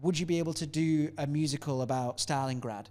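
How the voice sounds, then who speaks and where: A man chatting casually as a guest comedian on a podcast, telling stories in an animated way with frequent laughs and acted-out quotes, often stammering and restarting. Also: a little high, fairly quick.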